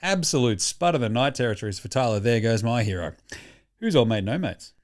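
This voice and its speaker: Animated, profane Australian man. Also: mid-range voice, fairly quick, over music. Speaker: podcast host. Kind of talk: casual sports chat.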